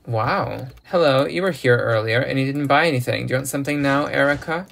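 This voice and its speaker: This is a let's play host giving relaxed gameplay commentary. The host thinks aloud and teases the characters on screen. The voice is mid-pitched with a gravelly creak. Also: moderate pace, hardly any pauses. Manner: chatty, thinking aloud, teasing the game characters.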